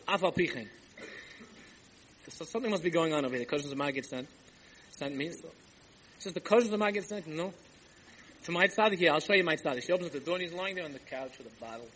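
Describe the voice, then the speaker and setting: On an old archival tape with poor audio, faint background ambience and a little hiss, a man with a fairly high voice speaks a bit fast and pauses often. He is a rabbi giving a storytelling sermon, animatedly recounting a Hasidic tale, performing the dialogue and sprinkling in Yiddish and Hebrew words.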